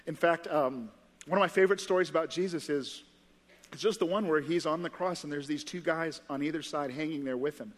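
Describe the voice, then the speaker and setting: A man's voice: on the high side, normal speed, long reverb tail. A male pastor preaching a sermon in a conversational, earnest way, recorded in a church auditorium. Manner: conversational, earnest, lots of fillers.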